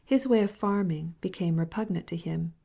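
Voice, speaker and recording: A woman narrating a classic novel as an audiobook, in a measured, soft-spoken reading. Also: fairly low pitch, creaky, slightly rough. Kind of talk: scripted narration.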